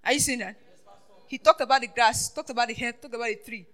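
A woman preaching a sermon, questioning her congregation and swinging between loud declarations and hushed asides. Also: on the high side, quick pace. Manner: call-and-response questioning the congregation.

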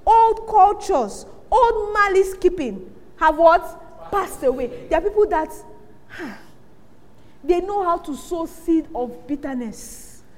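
A woman's voice: very high voice, slow. A woman pastor preaching a sermon, telling stories and acting out the people she quotes. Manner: animated storytelling, acting out quoted voices, frequent laughter. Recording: long hall reverb.

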